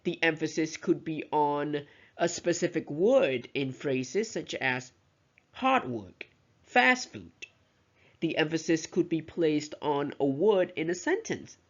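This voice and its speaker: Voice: medium pitch, unhurried, lo-fi sound. A teacher giving a recorded lesson, explaining carefully and modelling example words aloud. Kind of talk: recorded lecture explaining pronunciation.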